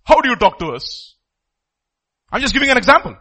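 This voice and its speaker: Animated, bright-voiced preaching man. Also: extremely high pitch, fairly quick, long pauses. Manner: emphatic preaching, voice swinging from loud to hushed. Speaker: pastor. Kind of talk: sermon.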